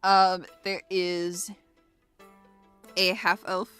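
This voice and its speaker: A woman game master narrating a tabletop scene at an unhurried pace. Her voice sits a little low, and she hesitates and giggles as she describes things. Soft music plays faintly in the background. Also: monotone, clean tone.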